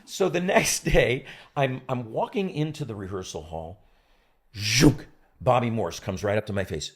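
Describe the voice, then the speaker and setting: A man's voice: medium pitch, animated, a little slow, slightly rough. A man in his sixties, an actor, telling a backstage story in a chat and acting out other people's lines. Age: 60s. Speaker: actor and guest.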